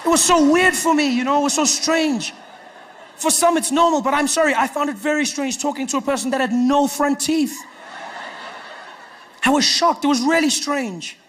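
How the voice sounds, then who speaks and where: A man with a South African accent doing stand-up comedy, telling stories with animated delivery. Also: extremely high pitch, normal speed, slight background noise. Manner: animated storytelling, acting out characters.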